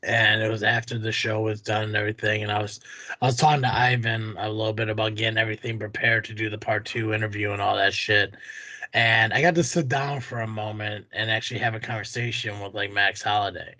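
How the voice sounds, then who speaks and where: A man's voice: fairly low pitch, steady tone, fairly quick, pushed and bright, no echo. A man hosting a podcast, rambling in casual, profane chat with many fillers. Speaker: podcast host.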